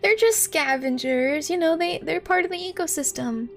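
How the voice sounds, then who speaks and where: A woman's voice: extremely high pitch, moderate pace, soft background music. A woman live-streaming a video game, giggling often and chatting to her viewers as she plays. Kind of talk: live gameplay commentary.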